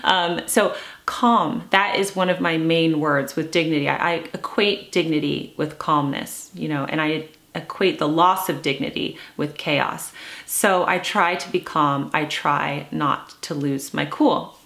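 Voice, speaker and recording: A woman in her thirties, a lifestyle vlogger talking to camera in a calm, earnest way, slowing down to stress her points. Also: low-pitched, vocal fry. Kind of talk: casual talk to camera.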